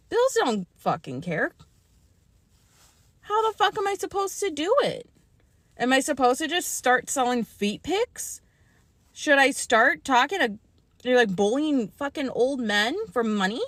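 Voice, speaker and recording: A woman's voice: a little high, a bit bright, no room sound. A young adult woman venting heatedly into her phone, swearing often as she complains. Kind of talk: angry vlog rant.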